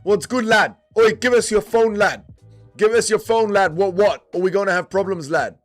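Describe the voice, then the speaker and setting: A man's voice: high-pitched, moderate pace, faint music behind, voice pushed up, close to an everyday voice. A man voicing an aggressive young male street mugger, confrontational and menacing. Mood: threatening.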